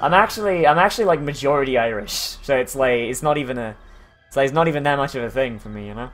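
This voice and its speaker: A man's voice: medium pitch, quick pace, a bit bright, faint music behind. A man from the UK, giving rambling, crude, joking commentary while streaming a game. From United Kingdom.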